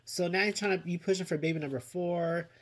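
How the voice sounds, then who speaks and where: A man's voice: high-pitched, steady tone, fast. A man giving a chatty TV review in a casual vlog, with dramatic reactions and frequent laughs. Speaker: TV show reviewer.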